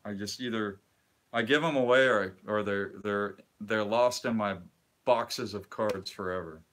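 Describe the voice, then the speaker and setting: A man's voice: lowish voice, unhurried, a bit bright. A middle-aged man talks casually on a live stream, wandering from thought to thought. He restarts often and lets his sentences fade out before he finishes them. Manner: rambling, chatty, trails off mid-sentence. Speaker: co-host of a live card-collecting stream.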